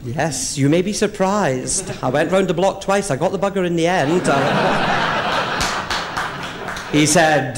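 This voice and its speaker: Camp drag comic, slightly high. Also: male voice, normal speed, hardly any pauses, background noise. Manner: camp, bawdy storytelling with swooping jumps into quoted voices. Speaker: drag comedian. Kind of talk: bawdy stand-up monologue in drag character. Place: live theatre stage.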